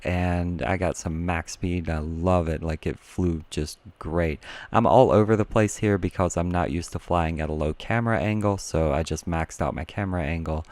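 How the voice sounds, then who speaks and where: A man's voice: sits low, darkish tone. A man doing a casual, enthusiastic drone review, rambling with fillers and restarts as he shows off the parts.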